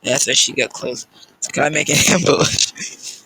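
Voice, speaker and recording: A man reading a fan-fiction story aloud in a casual, halting way, with fillers and restarts. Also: medium pitch, creaky, sharp tone, husky, dry recording, rough recording. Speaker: story reader.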